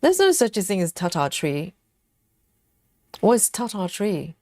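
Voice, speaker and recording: A woman hosts a live stream in a casual, playful way, reading out viewer comments and teasing them between laughs. Her pitch swings widely and she talks slowly and unhurriedly. The sound is dry and close, with no room around it. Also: big pitch swings, dark tone, no echo.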